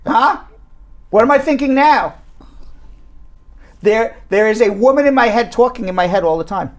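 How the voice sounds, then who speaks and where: A man's voice: very high voice, moderate pace. Rambling, laughing man co-hosting a radio show. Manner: rambling, laughing, self-correcting, teasing. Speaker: immigration attorney and co-host. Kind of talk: live radio and stream banter. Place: law office studio.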